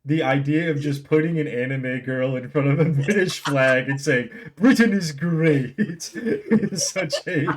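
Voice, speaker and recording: A man's voice: medium pitch, unhurried, few pauses, a little hiss or hum. Laughing, joking man in casual chat. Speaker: co-host friend.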